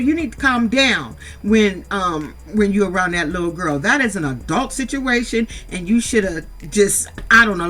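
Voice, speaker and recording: This clip features a middle-aged San Diego woman whose medium-pitched, slightly bright voice delivers a reality show recap. She's blunt and scolding, swearing liberally as she tells the cast off directly in casual, profane commentary.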